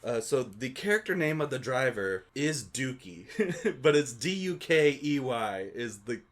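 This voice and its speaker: A man's voice: mid-range voice, expressive, measured pace, crowd noise. A man co-hosting a podcast, casually recapping a movie and laughing often as he goes. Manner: laughs often while recapping, loose and amused. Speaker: podcast co-host.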